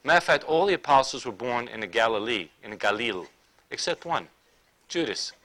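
Male preacher, bright forceful tone, emphatic delivery that moves from loud to hushed. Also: medium pitch, expressive, a little fast. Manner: emphatic, swinging between loud declaring and quiet intimate asides. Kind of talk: sermon.

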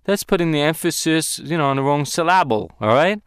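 Man, Bible teacher, emphatic, deliberate, clear resonant voice, dry close sound. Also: on the high side, animated, a bit bright, no room sound. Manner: deliberate, emphatic, slows to stress key words. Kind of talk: Hebrew Bible lesson.

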